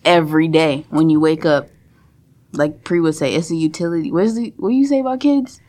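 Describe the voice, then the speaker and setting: A woman's voice: low voice, fairly quick, a little mellow. A woman co-hosting a podcast in casual chat, earnest and advice-giving, laughing often. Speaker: podcast co-host.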